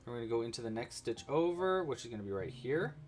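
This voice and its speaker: A man talks viewers through a crochet project on a casual livestream. His pitch swings widely as he narrates each step and tosses in playful asides. Faint music plays behind him. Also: sing-song, fast talker, darkish tone. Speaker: crochet instructor.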